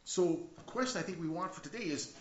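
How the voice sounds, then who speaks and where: A man's voice: high voice, lively intonation, fast. A man preaching a sermon in a conversational way, with frequent restarts and rising outcries. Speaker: pastor. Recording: echoey, dull lo-fi church recording.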